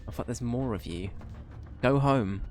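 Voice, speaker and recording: A man's voice: mid-range voice, unhurried, darkish tone, faint music behind. A man streaming a video game, thinking aloud in a casual manner and swearing now and then. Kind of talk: live gameplay commentary.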